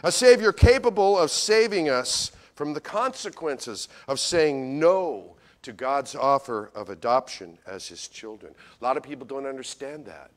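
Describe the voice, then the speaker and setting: A man preaching a Christmas sermon as pastor, folksy and animated, talking straight to his congregation and swinging from loud to hushed. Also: medium pitch, a little slow, hardly any pauses. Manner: folksy, addresses congregation directly.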